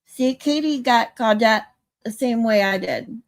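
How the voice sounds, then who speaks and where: Woman, livestream host, casual chat, playful, reads comments aloud, lively pitch. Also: normal speed. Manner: playful, tries out pronunciations.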